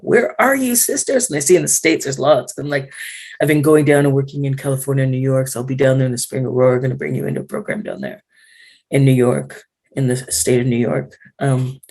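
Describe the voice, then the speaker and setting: A woman speaking in a casual panel discussion, frank and animated, with lots of fillers, over a video call. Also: a bass voice. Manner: animated, frank, full of fillers and acted-out quotes.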